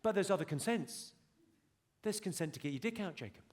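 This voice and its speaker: A man's voice: high-pitched, lively intonation, fairly quick, slightly rough. A man doing stand-up on a big theater stage, lecturing an audience member in a dry, mock-stern way. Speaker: stand-up comedian. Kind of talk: stand-up comedy set. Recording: live show with loud crowd laughter.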